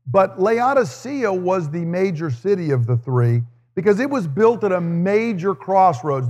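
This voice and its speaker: A man's voice: high-pitched, big-room sound. A man preaching a sermon. He reads scripture, then teaches and explains it earnestly, with a touch of humor. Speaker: pastor.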